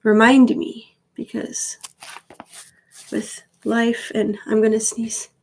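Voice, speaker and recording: A woman's voice: on the high side, flat delivery, slow, gravelly, poor audio. A woman in her thirties chatting casually on a live stream, rambling with wry asides. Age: 30s. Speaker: vlogger.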